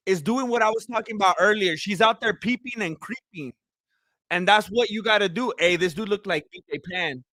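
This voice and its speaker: A young streamer with a bright, high voice chats casually while reading viewer comments, laughing and exclaiming, then drifting into quieter heartfelt thanks. His voice is hoarse from talking for hours. He keeps a moderate pace, and the sound is close and dry, with no echo.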